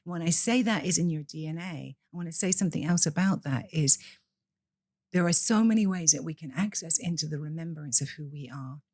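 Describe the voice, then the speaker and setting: A woman's voice: low voice, a little fast, a little mellow, no room sound, studio quality. A woman from the UK, a priestess guest in a podcast interview, speaking in an impassioned, preacher-like way.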